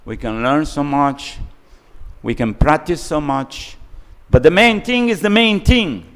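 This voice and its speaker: A man's voice: fairly high pitch, animated, measured pace, fairly bright tone. A man giving a scripture lecture in a temple hall, telling stories animatedly in English with non-native grammar. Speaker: preacher.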